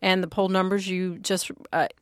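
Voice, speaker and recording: A woman's voice: on the low side, level tone, normal speed, dry recording, studio quality. A woman political commentator on a panel, speaking earnestly with frequent restarts.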